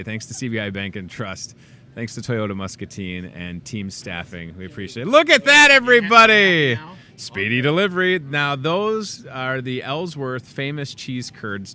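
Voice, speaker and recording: A man's voice: lowish voice, fairly bright tone, a little hiss or hum. A man hosting a local TV talk show, wrapping up with chatty, jokey banter toward the crew in a small studio. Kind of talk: casual live show wrap-up.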